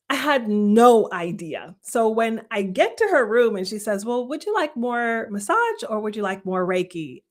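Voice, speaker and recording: A middle-aged woman hosts a live stream and tells her story straight to viewers. She laughs often, acts out what she and others said, and repeats lines to drive them home. Her voice sits at an ordinary pitch. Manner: animated, laughs often, quotes herself, repeats phrases for emphasis. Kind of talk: casual storytelling to a live audience.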